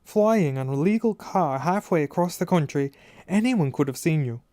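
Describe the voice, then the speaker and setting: A man's voice: a little high, lively intonation, normal speed, mellow, dry recording, clean studio sound, voice pushed up, natural voice. A man voicing a stern middle-aged mother who scolds her sons and fusses over a guest, in an audiobook. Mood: motherly. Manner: scolding, then fussing tenderly. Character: stern, fussing middle-aged mother, loud when angry. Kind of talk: audiobook character voice.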